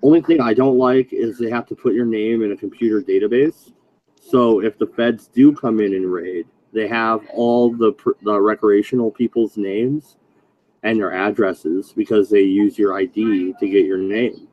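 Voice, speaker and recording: A man's voice: lowish voice, fairly even intonation, normal speed, phone-quality sound, slight background noise. A man in casual chat on a voice call, laid-back, swearing and laughing at his own stories. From Oregon, USA.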